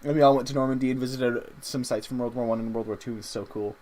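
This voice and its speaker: A young man, chatting casually and haltingly with viewers while drawing on a livestream. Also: mid-range voice, fairly even intonation, a little mellow. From Canada. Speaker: streamer drawing live.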